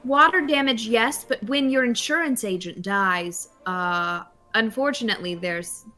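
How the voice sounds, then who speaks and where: A woman's voice: a little high, a little slow, sharp tone, soft background music. A woman playing a tabletop game, bantering in character with wry jokes. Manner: wry, joking. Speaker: player.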